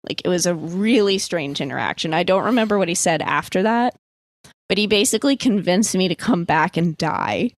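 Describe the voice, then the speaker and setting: A woman's voice: on the low side, animated, brisk, no room sound, studio quality. A young woman from the East Coast telling a dream story in casual podcast chat, full of "like" and freely swearing. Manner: rambling, filler-heavy, swears freely. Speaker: podcast guest.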